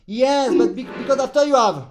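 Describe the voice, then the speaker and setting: A man's voice: very high voice, lively intonation, moderate pace, music in the background. A man leads a live accordion lesson online, trading jokes and teasing his student. He sings little phrases to demonstrate, with faint instrument sounds in the background. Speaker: accordion teacher.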